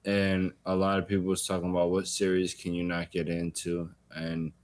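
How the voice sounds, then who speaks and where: A man's voice: deep voice, completely flat delivery, normal speed. A man co-hosting a podcast, riffing in a jokey, offhand way. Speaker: podcast co-host. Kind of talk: casual chat.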